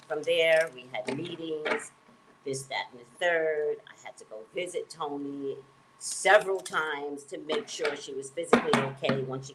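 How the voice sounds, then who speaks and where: A woman who works as a psychic reader, telling a personal story in an emphatic, animated way and acting out the dialogue. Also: low voice, background noise.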